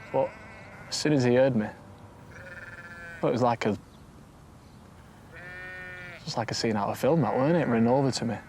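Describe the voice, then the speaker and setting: A man in his thirties with an Oldham accent, chatting excitedly on camera outdoors on a farm and laughing often, with music underneath. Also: mid-range voice. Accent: Oldham, northern English. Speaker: first-time farmer, presenter. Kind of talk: casual on-camera chat. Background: background music.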